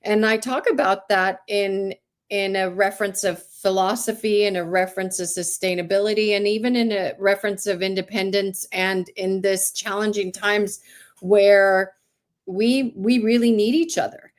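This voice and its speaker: A woman raised in California with Greek heritage, a farmer, tells stories as a guest in a casual interview. Her voice is medium-pitched at normal speed, and she's an animated storyteller who acts out the people she quotes.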